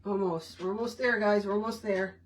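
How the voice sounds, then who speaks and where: A woman's voice: medium pitch, steady tone, fairly quick, slight background noise. Woman, craft host, casual self-talk while working, slightly distant mic, faint room tone. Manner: chatty, self-talking while working with her hands. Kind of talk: casual crafting tutorial chat.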